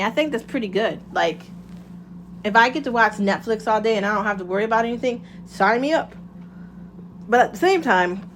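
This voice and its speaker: A woman hosts her own show, rambling candidly through a casual motivational monologue and swearing freely. Her voice sits at a medium pitch, and the recording carries a slight hiss or hum.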